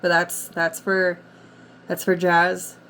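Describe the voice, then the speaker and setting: A woman's voice: fairly low pitch, completely flat delivery, slow, fairly bright tone, slight background noise. A woman working as a medium, passing on messages from the dead during a reading, with a lot of hedging and "like". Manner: relays messages, hedging with many likes. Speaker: psychic medium. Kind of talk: spirit reading session.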